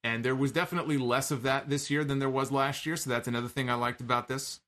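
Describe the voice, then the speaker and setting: A man talks through a wrestling show in a loose, conversational recap. His voice sits at an ordinary middle pitch, and he drops wry asides and the odd "uh" as he goes. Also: steady tone, fast talker, a bit bright. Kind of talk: casual spoken recap.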